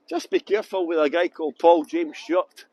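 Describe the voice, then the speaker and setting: A man's voice: a little high, mellow, low-quality recording. A man with a Scottish accent from Edinburgh, guiding a live-streamed walking tour outdoors on city streets and talking in a jokey, self-mocking, chatty way into a handheld phone. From Scotland.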